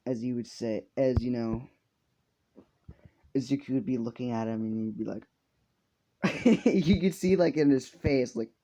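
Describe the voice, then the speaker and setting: A man's voice: mid-range voice, unhurried, pauses often, mellow. Rambling young man telling a fan story. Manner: rambling, filler-heavy, swears. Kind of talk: casual improvised storytelling. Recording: dull lo-fi recording.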